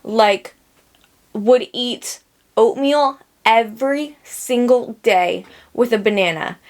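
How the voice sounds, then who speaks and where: A young woman hosts a casual solo podcast, her voice sitting a touch high. She rambles and laughs at herself, trailing off into fillers and restarts. She sounds a little under the weather. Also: slow pace, a little mellow. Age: young adult. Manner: rambling, self-mocking, lots of fillers. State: sick. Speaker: podcast host.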